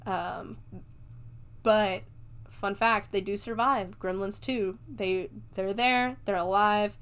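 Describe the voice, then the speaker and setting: A chatty woman hosts her own podcast, walking through a film scene by scene in loose, everyday talk. She laughs often and drops casual swears along the way, her pitch sitting in an ordinary middle range. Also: steady tone, slow pace, a bit bright, clear, resonant tone. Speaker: podcast host. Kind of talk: casual movie review chat.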